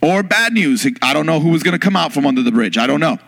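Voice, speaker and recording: A man preaching a sermon in church, telling a story with lively acted-out moments. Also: on the high side, fast talker, creaky. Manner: animated storyteller, bursts into loud yelling in acted scenes. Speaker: pastor.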